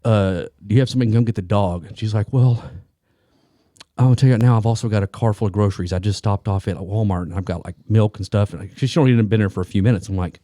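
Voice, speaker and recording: A man's voice: fairly low pitch, very fast, few pauses, dark tone, dry recording, clean studio sound. A man co-hosting a podcast, telling a rambling anecdote full of restarts and asides in casual chat. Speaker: police detective and co-host.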